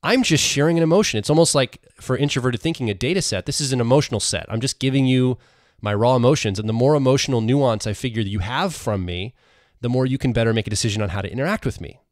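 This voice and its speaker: A man's voice: medium pitch, fast talker, dry recording, clean studio sound. A man co-hosting a podcast, explaining ideas in a conversational way and often restarting his sentences. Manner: talks through ideas with frequent restarts. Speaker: podcast co-host.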